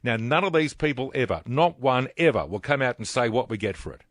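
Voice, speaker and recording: Blunt, indignant Australian radio host. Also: male voice, mid-range voice, expressive, fairly quick, no room sound, clean studio sound. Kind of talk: opinionated talk radio commentary.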